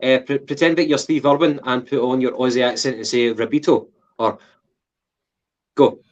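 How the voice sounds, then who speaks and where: A man's voice: mid-range voice, steady tone, normal speed. A man with a Glaswegian Scottish accent co-hosting a football podcast, chatty and asking questions. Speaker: podcast co-host. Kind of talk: casual football chat. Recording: dull lo-fi sound.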